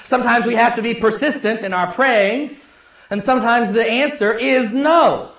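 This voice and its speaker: High-voiced man preaching in an echoey room. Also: moderate pace. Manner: storytelling, swings between loud and hushed. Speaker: pastor. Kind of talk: sermon.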